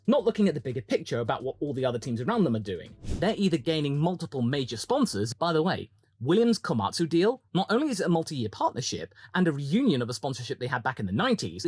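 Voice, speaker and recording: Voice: mid-range voice, slightly rough, no room sound. Chatty motorsport commentator ranting solo, voice swings up and down a lot, dry close sound. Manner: chatty, with dramatic quoted asides. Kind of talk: opinion commentary monologue.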